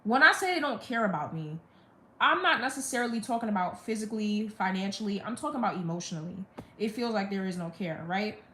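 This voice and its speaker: A woman's voice: medium pitch, lively intonation, quick pace, bright, forceful tone. A young woman on a live stream, venting a blunt, profane storytime rant about her family. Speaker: livestreamer. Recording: roomy echo.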